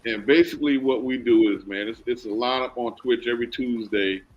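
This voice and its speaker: Chill slangy dude hosting, kinda muffled lo-fi audio. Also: male voice, mid-range voice, a little fast. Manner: laid-back, slangy, lots of "man". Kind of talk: casual chat. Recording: dull lo-fi sound.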